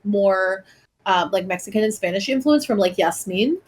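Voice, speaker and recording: A young woman co-hosting a podcast in casual chat, talking in quick, laughing asides. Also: mid-range voice, lively intonation, breathy edge. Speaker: podcast co-host; teacher.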